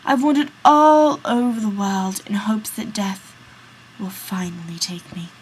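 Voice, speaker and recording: Woman putting on a miserable old man, breathy half whisper, slow and drawn out, storybook tale. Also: mid-range voice, a little hiss or hum, lightly acted, rough recording. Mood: weary. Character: weary miserable old man wanting death.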